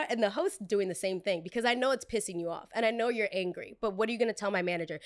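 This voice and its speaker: A young adult woman hosting a storytime vlog, telling it in a gossipy, animated way full of quick asides. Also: medium pitch. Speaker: host.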